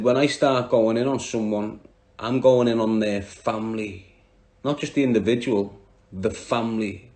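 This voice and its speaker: Answering livestream viewers by name, a man with a Liverpool Scouse accent is blunt and combative. He's from Liverpool, England, and his mid-range voice has a darkish tone.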